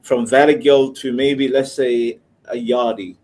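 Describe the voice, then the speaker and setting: A man's voice: mid-range voice, steady tone, measured pace, darkish tone. A man on a live-stream call-in panel, teasing others and often stammering and repeating words.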